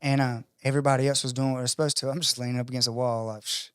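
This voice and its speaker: Male guest, animated storyteller doing voices, mid pitch, dry close sound. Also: rapid-fire, smooth, no echo. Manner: animated storyteller acting out quoted voices, profane. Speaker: podcast guest. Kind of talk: casual storytelling conversation.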